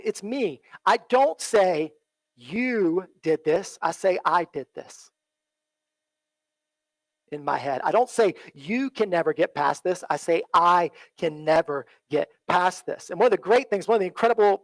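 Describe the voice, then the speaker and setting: A man preaching a sermon in a church, earnest and repetitive, often asking "right?" and dropping low and soft when he quotes. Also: no echo, rough recording. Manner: earnest, repeats phrases, asks "right?" often. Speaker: pastor.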